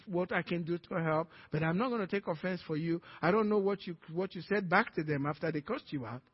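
Male pastor, Nigerian accent, husky, lifts his voice high as he preaches; muffled lo-fi church recording. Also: in a large hall. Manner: animated preaching, acting out quoted dialogue. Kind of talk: sermon. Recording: dull lo-fi sermon recording.

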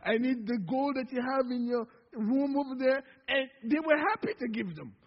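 A pastor's very high voice carries at a moderate pace as he leads call-and-response in his sermon, stretching words to stress them. The setting is a church sanctuary, recorded with dull lo-fi sound in a reverberant hall.

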